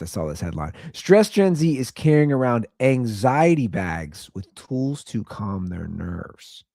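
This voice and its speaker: Sarcastic ranting man, lively swings. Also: lowish voice, no echo, clean studio sound. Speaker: podcast host. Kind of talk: comedic solo rant.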